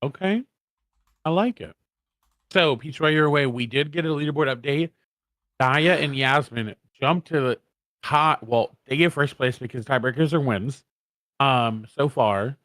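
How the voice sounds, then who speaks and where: A man's voice: mid-range voice, a little slow, a bit bright, no echo. A man co-casting an esports watch party, rattling off standings and stats with casual asides. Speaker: co-caster.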